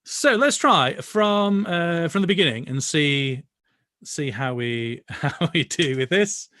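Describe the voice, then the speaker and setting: Slow-talking British choir director. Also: male voice, on the high side, expressive. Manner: sings each part then explains, gentle and encouraging. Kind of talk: online choir rehearsal. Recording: voice over loud music playback.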